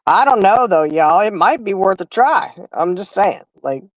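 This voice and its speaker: A woman's voice: medium pitch, animated, moderate pace, no room sound, dull audio. A middle-aged woman, hosting a livestream and chatting casually, telling stories with frequent laughs and calling her listeners "y'all". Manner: chatty storyteller, laughing, addresses chat as y'all. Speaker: livestream host. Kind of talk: casual chat.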